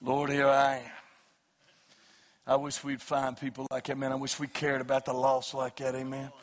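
A middle-aged man preaching a sermon, rising into loud shouted passages and then telling joking stories about his family and dog. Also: mid-range voice, monotone, a little fast. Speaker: pastor. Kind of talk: sermon with humorous storytelling.

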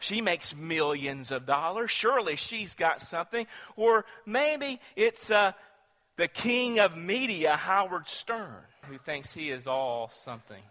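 A male preacher with a high, bright voice delivers a sermon full of rhetorical questions, swelling to loud, emphatic peaks. The sound rings with a long hall reverb. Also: expressive, measured pace.

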